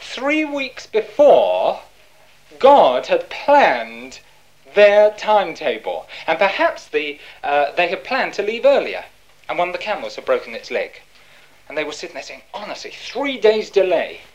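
Woman preacher, low voice, very animated delivery, emphatic and rhetorical. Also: unhurried, dull audio. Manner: emphatic, rhetorical questions answered herself. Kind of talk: sermon.

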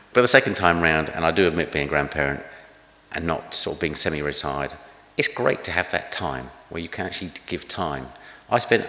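Older man preaching, low voice, chatty and self-deprecating, long hall reverb. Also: bright, forceful tone. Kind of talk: conversational sermon with anecdotes.

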